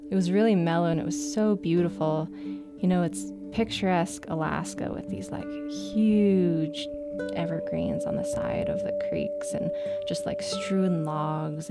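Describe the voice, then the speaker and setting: A woman writer telling a personal adventure story in a casual, animated way, laughing often and filling with "like". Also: lowish voice. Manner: lively, breathless retelling with laughs and "like" fillers.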